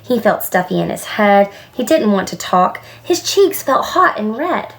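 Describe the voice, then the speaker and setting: A woman, a preschool director, reading a storybook aloud at children's story time, slow and gentle and pausing to ask the little listeners questions. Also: mid-range voice, very animated, gravelly.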